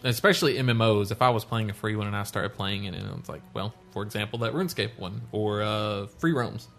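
A man's voice: lowish voice, brisk, vocal fry, fairly bright tone, faint music behind. Opinionated man in casual chat. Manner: opinionated, laughs easily, uses folksy sayings.

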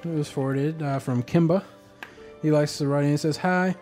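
A man hosting a casual gaming podcast reads listener emails aloud. His voice is slightly high and relaxed, with fillers. Faint music plays behind. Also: a little fast.

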